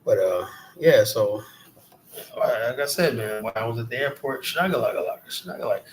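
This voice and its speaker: Brief: New man, livestream host, loose profane rant, mocking asides, mid-pitched voice. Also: moderate pace, slight background noise. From South Jamaica, Queens, New York.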